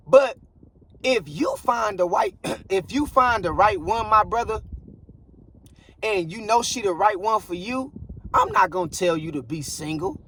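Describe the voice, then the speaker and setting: Man, high-pitched, blunt preachy monologue, faint traffic behind. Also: fairly bright tone. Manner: blunt, preachy, repeats phrases like "bruh" and "I guarantee you". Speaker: relationship commentator. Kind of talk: casual monologue to camera.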